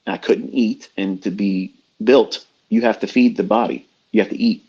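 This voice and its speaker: A middle-aged trading mentor delivers a blunt, profane, heated motivational rant to traders over dull lo-fi online audio. His voice is lowish, steady, a little mellow, and husky, at a moderate pace.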